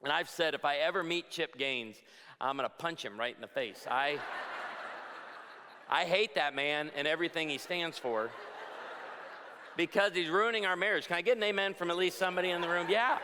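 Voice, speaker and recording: A man's voice: sits high, brisk, background noise. A man in his forties, a pastor giving a humorous conference talk to a live audience, telling jokey stories and asking the crowd for amens. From outside Chicago. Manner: joking storyteller, punchlines, asks the crowd for amens. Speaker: pastor and speaker. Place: large hall before a live audience. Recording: reverberant hall.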